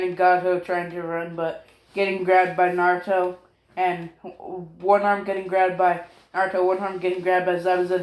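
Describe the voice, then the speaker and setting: A man talks through a fan-made story in loose, rambling fashion, peppering it with curses, ums and quick apologies. His delivery is slow and unhurried. The recording sounds roomy and echoey. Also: sits high. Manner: rambling, profane, full of fillers and apologies.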